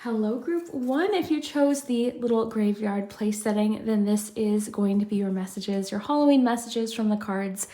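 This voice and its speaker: A woman's voice: medium pitch, moderate pace, hardly any pauses, dark tone. A woman doing a pick-a-card tarot reading, chatty and reflective, often saying "I feel like". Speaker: tarot reader.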